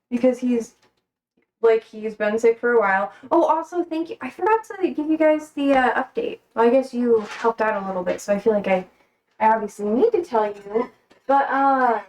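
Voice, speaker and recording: In a low-quality recording, a young woman with a slightly high, darkish voice livestreams from her kitchen while cooking. She chats casually and rambles, breaking off to talk to her pets.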